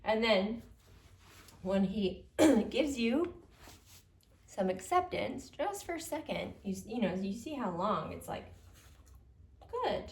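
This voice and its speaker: A young adult woman dog trainer explaining a handling exercise during a session, with soothing, low-key praise for the dog between explanations. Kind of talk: hands-on training demonstration. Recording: roomy, distant mic, faint noise.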